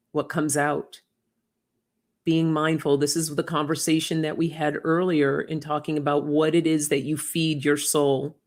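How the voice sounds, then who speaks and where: A woman giving a live oracle card reading in a gentle, emotional, reflective way, often laughing softly. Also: sits low.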